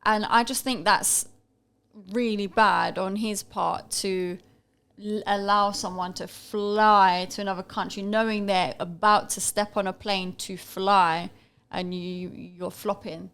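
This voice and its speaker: Smooth-voiced young British woman, opinionated. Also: mid-range voice, steady tone, slow, a bit bright. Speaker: podcast co-host. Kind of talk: casual reaction chat.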